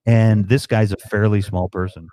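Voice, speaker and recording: A man's voice: on the low side, steady tone, moderate pace, mellow, no echo. A man from Chicago telling rambling, profane stories in a casual live-stream chat. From Chicago, USA.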